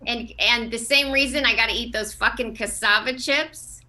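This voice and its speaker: A woman comic finishing a stand-up set over a video call, with slow, deadpan delivery. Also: a little high.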